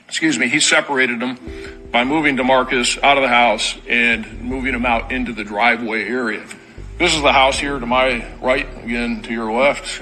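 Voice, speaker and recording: Bright-voiced man giving a press briefing. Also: mid-range voice, rough recording. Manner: matter-of-fact, with dry sarcastic asides. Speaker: law enforcement spokesman at a press briefing.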